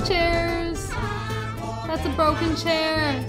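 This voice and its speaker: Brief: woman gaming YouTuber, very high voice, unhurried talk, excitable shrieks, game music under her. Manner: excitable, squealing and shrieking reactions. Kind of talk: excited gameplay commentary. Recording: game music playing behind.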